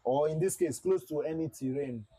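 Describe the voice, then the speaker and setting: A man livestreams a flight simulator, chatting loosely and repetitively with his viewers in casual commentary. His slightly high voice is husky yet mellow, at normal speed, recorded close and dry with no echo, like a desk mic in a small room, and the audio is poor.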